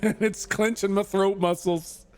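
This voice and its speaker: A man's voice: sits high, steady tone, measured pace. A man doing a mangled hulking thug voice. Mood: strained. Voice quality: mangled, strained, gravelly tough-guy voice. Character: smelly hulking male thug who never showers.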